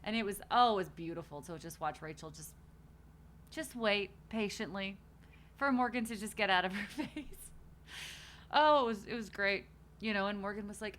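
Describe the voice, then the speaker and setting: A woman's voice: medium pitch, expressive, moderate pace, a bit bright, slight background noise. A young woman hosting a watch party stream, chatting casually and animatedly, swearing and acting out quotes. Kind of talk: casual chat.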